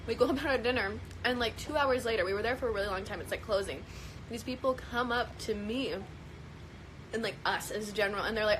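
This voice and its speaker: A woman's voice: on the high side, normal speed, pushed and bright, slight background noise, poor audio. A young woman, an actress, telling a story in casual chat, full of fillers and quoted lines. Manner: chatty, lots of fillers and quoted voices. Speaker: actress on a livestream.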